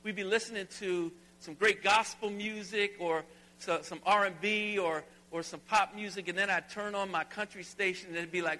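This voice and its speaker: A middle-aged pastor from Alabama preaching a sermon in a large church, folksy and conversational, rising to emphatic preaching. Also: male voice, high voice, moderate pace, pushed and bright. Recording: long hall reverb.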